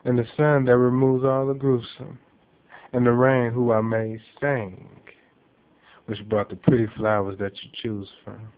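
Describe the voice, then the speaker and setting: A man voicing a gentle, amused male figure of love who speaks slowly, recorded with a tinny phone-like sound. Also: medium pitch, little pitch movement, natural voice.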